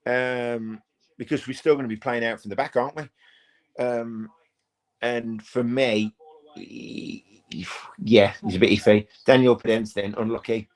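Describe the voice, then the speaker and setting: A man's voice: medium pitch, unhurried. Chatty man calling a match. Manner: chatty, rambling, bursts into excited play-by-play. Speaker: fan channel host. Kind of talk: live match watch-along commentary. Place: at home.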